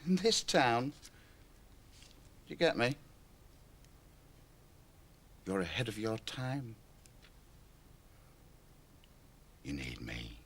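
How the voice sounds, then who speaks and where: A cynical aging stand-up comic. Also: male voice, fairly low pitch, heavily acted. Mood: needling. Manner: chatty, lecturing, shifts into a club comedy routine. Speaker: comedian. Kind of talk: radio play acting.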